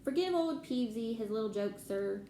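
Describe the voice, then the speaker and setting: A woman's voice: a little high, animated, moderate pace, mellow, a little hiss or hum. A woman voicing a mischievous male poltergeist, wheedling and sing-song, in an echoey room. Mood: greasy.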